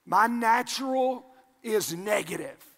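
An older man preaching a sermon as pastor, energetic and animated, jumping between loud shouts and hushed asides. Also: sits high, slow, vocal fry. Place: large church sanctuary. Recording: long hall reverb.

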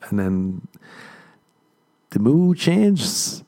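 Dry, low-voiced male comedian. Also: very animated, unhurried, warm tone. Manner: dry, rambling storytelling, laughs at own jokes. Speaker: comedian, podcast host. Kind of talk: comedic podcast monologue.

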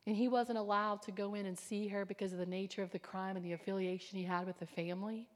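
A woman preaching a sermon with fervor, swinging between loud declarations and hushed whispers. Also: mid-range voice, fairly even intonation, quick pace. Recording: long hall reverb.

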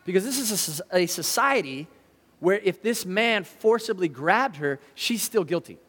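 High-voiced preacher in an echoing hall. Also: male voice, moderate pace, slightly rough. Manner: conversational, animated, asks the audience questions. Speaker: pastor. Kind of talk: sermon. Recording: long reverb of a large hall.

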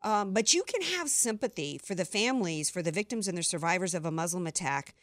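A woman's voice: on the low side, animated, a little fast, no room sound. A woman hosting a political talk radio show in a studio, talking in a rambling, chatty way with frequent restarts. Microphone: studio microphone.

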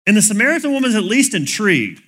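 A man's voice: sits high, big pitch swings, quick pace, a bit bright. A man preaching a sermon in a conversational, plain-spoken way. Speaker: pastor.

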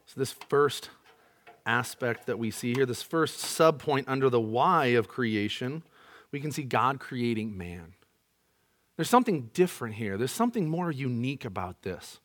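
A man's voice: medium pitch, expressive, normal speed, a bit bright. A man in his thirties preaching a sermon in church, earnest and emphatic, asking his listeners questions. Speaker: pastor. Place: church, to an online audience.

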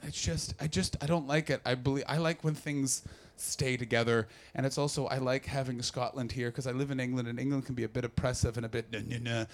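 A man from Canada doing brash, profane stand-up crowd work, often jumping into loud shouted voices. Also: medium pitch, fairly even intonation, fairly quick, hardly any pauses, slight background noise. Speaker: stand-up comedian. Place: comedy club with audience.

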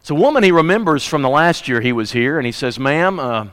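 A man's voice: on the high side, very animated, fast talker, a bit bright, long reverb tail. A man preaching, telling a story in a vivid, conversational way. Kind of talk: dramatic sermon storytelling.

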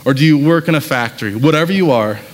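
Pastor guy preaching loose and chatty, kinda high voice, big hall echo. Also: animated, quick pace. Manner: casual, conversational storytelling with many fillers. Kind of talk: sermon. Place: church sanctuary. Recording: long hall reverb.

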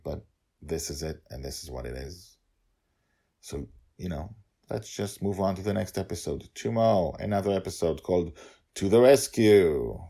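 A man who writes and reads his own audio story, narrating and then chatting in a lively, emphatic way as the author. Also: rumbling low, creaky, slightly rough.

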